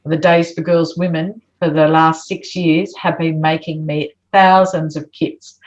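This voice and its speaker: Animated storytelling woman. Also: deep voice, unhurried. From Australia. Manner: animated, acts out quoted voices. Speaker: guest. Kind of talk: storytelling in conversation. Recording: dull lo-fi sound.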